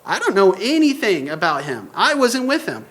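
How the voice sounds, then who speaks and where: A preacher voicing a frightened grown man who keeps blurting out flustered, stammering denials. The voice rides a bit higher than the speaker's usual tone. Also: sing-song, normal speed, fairly bright tone. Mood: panicky.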